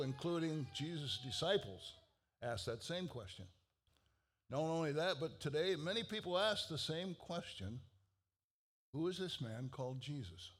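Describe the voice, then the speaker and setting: A man filling in as preacher, giving a sermon in a plain-spoken, earnest way. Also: mid-range voice. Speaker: fill-in preacher.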